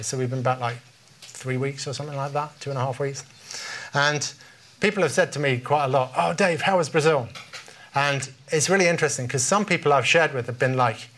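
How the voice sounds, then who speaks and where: A British man with a medium-pitched, slightly bright voice preaches an informal sermon. He speaks conversationally and tells stories, often restarting his phrases.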